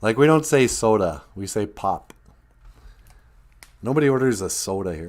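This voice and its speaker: A man's voice: fairly low pitch, expressive, normal speed, long pauses. A man hosting a casual live stream, telling jokey stories with frequent chuckles and greeting viewers.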